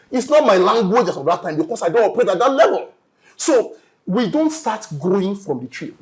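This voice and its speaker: Emphatic Nigerian man, lecturing. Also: high voice. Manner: emphatic, lecturing, repeats "you understand?". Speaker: studio guest. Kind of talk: panel debate.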